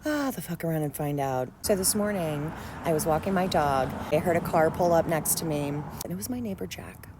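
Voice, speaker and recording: A woman's voice: sits low, animated, normal speed, background noise. A woman telling a story straight to camera in a blunt, profane, sarcastic rant.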